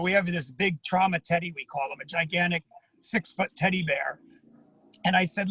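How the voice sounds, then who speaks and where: A man's voice: high voice, moderate pace, a bit bright, rough recording. A man speaking as an addiction therapist at an online symposium, earnest and personal, often repeating himself. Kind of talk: panel talk at an online symposium.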